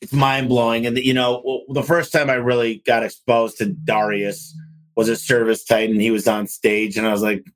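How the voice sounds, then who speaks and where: Enthusiastic man, mid-pitched voice. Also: level tone, moderate pace. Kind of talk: podcast business talk.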